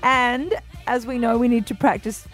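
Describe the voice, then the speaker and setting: A woman's voice: a little high, fairly even intonation, normal speed, a bit bright, soft background music. A woman, co-hosting breakfast radio and trading giggly celebrity gossip. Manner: chatty, giggly gossip delivery. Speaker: radio co-host.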